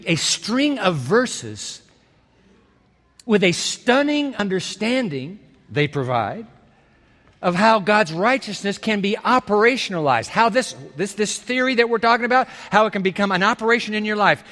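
A man preaching a sermon emphatically, repeating key phrases and swinging from quiet to loud. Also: sits high. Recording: hall reverb.

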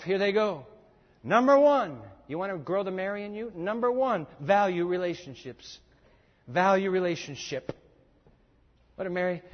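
High-voiced man preaching in echoey hall. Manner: emphatic, repeats points for note-taking. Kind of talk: sermon. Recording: echoey dull lo-fi hall recording.

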